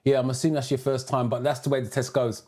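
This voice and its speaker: This is a British man running a live driving theory Q&A. His voice sits at a middling pitch with a dark, mellow tone. He welcomes viewers one by one and answers their questions as he reads their messages out. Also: flat delivery, quick pace. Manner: reads out viewer comments and greets them by name. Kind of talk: live-stream Q&A.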